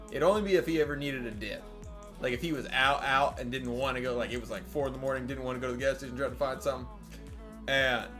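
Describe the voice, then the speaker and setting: A young man chats over a gaming voice call, his voice sitting at an ordinary middle pitch. He rambles through a long story, leaning on "like" every few words and swearing casually. Game music plays faintly behind him. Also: fairly bright tone. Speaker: gamer on group voice chat. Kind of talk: casual chat.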